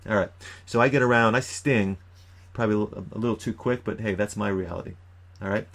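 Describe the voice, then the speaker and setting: A man giving an animated, emphatic youth ministry training talk, with sudden loud bursts. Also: lowish voice, quick pace, vocal fry. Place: lives in New York.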